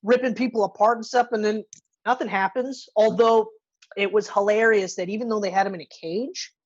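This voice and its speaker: A woman's voice: mid-range voice, brisk, highs cut off. A woman co-hosting a podcast in casual movie review chat, retelling scenes with lots of swearing and acted-out lines. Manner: animated retelling, profane, acts out characters' lines. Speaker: podcast co-host.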